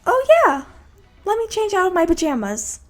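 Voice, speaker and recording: A woman voicing an eager young woman character who speaks brightly in a fan-fiction reading. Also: high-pitched, lively intonation, slow pace, faint music behind, full character voice. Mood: excited. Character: excitable young woman, the listener.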